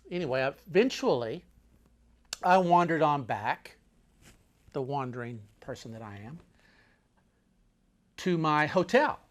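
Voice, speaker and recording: A man telling a travel story casually, wandering off into asides and restarting his sentences. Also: high voice. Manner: meandering, full of restarts and asides.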